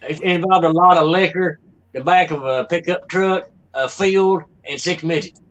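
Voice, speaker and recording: A man's voice: a little high, fairly even intonation, moderate pace, a bit bright, rough recording. A man chatting and teasing, telling a rowdy story with a laugh. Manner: teasing, joking, laughs often. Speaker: podcast regular. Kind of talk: casual chat, storytelling.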